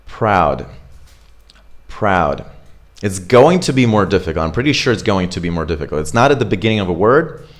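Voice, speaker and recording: Very animated and low-pitched, this man runs an online English pronunciation lesson on accents. He says example words slowly and repeats them, chatting casually with plenty of fillers between them.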